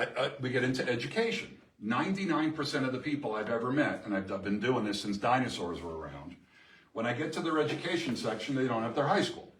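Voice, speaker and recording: A middle-aged man presents a live seminar to an audience in a meeting room, lively and emphatic, often asking the room questions. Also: medium pitch, fast talker, slight background noise. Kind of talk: live workshop talk to an audience. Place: chamber of commerce meeting room. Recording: echoey room from far off.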